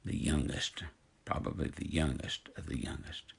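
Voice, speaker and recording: A man's voice: a bass voice, animated, normal speed, creaky, breathy edge. A man in his fifties ranting indignantly to his online followers, preaching and calling people out directly. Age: 50s. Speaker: social media personality. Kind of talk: angry direct-to-camera rant.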